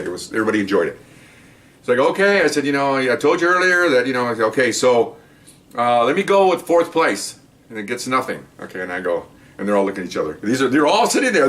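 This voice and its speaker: Fast-talking man telling a story. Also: fairly low pitch. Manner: animated and rambling, acting out quoted voices. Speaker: podcast host, former police supervisor. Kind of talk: casual anecdotal storytelling.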